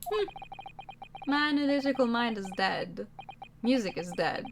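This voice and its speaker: A woman voicing a melodramatic, gloomy adult gentleman detective with a mournful, grandiose delivery while reading game dialogue aloud. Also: on the high side, lively intonation, measured pace, gravelly, noisy background. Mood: despairing.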